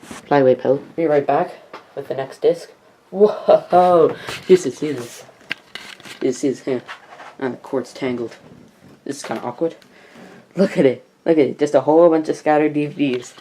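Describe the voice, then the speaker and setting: Rambling teen girl with a low, dark voice. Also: a little hiss or hum, poor audio. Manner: rambling, chatty, with asides to the camera. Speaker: YouTuber reviewing DVDs. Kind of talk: casual vlog review.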